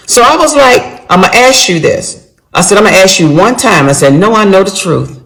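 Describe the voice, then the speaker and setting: A middle-aged woman telling a personal story in a casual storytime monologue, animated and talking straight to her viewers. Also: mid-range voice, moderate pace, poor audio.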